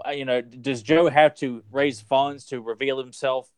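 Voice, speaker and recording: A man's voice: mid-range voice, fairly even intonation, normal speed, background noise. A man co-hosting a podcast, joking and rambling as he welcomes the guest back. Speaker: podcast co-host. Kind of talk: casual chat.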